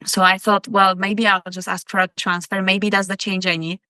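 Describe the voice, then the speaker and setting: A woman's voice: medium pitch, level tone, moderate pace, bright, forceful tone, clean tone, no echo. A woman in her thirties from Poland, with a Polish accent, chatting openly as a podcast guest. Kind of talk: casual chat.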